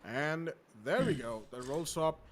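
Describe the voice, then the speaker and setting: A man giving energetic play-by-play commentary on a competitive shooter match, with chatty asides. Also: on the high side, measured pace, slight background noise. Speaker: esports caster. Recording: game gunfire audible under voice. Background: in-game gunshots and ambience.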